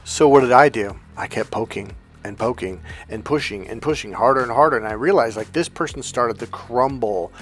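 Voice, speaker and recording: A man's voice: medium pitch, normal speed, hardly any pauses, fairly bright tone, soft background music. A man giving a motivational vlog monologue as a coach, blunt, profane and emphatic. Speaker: relationship coach.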